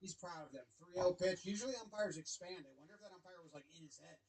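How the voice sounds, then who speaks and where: A man's voice: high voice, fast talker, slightly rough, poor audio. A man giving wry, chatty play-by-play commentary over a baseball clip. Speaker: sports video commentator.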